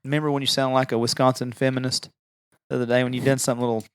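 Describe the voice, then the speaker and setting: A man's voice: mid-range voice, level tone, very fast, smooth, dry recording. A young adult man co-hosting a podcast, chatting casually and trading teasing wisecracks. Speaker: podcast co-host. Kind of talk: casual chat.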